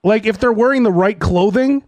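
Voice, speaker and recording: A man's voice: high voice, normal speed, darkish tone, dry recording. A man co-hosting a casual wrestling podcast, joking and laughing a lot and acting out voices. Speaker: podcast co-host. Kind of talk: casual chat.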